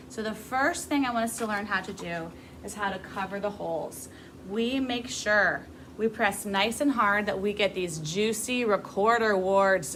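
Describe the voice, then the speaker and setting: A woman's voice: medium pitch, sharp tone, a little hiss or hum, poor audio. A grown woman teaching a beginner music class to camera, patient and encouraging as she demonstrates. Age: adult.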